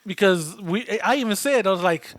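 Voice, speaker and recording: A man's voice: high-pitched, expressive, moderate pace, a bit bright, no room sound, studio quality. A man co-hosting a movie podcast, casually recapping scenes and sharing trivia, with some swearing. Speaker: podcast co-host.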